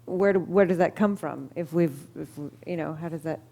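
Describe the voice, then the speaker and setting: Mellow low-voiced woman asking questions. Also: a little fast, gravelly. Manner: questioning, thinking aloud. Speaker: board member. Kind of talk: asking questions at a board meeting.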